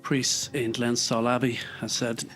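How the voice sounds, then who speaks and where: A man's voice: mid-range voice, flat delivery, measured pace, fairly bright tone, soft background music. An Irish man thinking aloud while walking on a treadmill, reflective and rambling, with lots of fillers. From Ireland. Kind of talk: casual thinking-aloud monologue.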